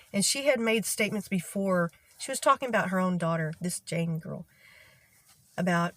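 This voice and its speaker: A middle-aged woman with a fairly low voice speaks at a moderate pace with no echo. She's a vlogger casually telling viewers about a bad boss, acting out what people said in an exasperated way.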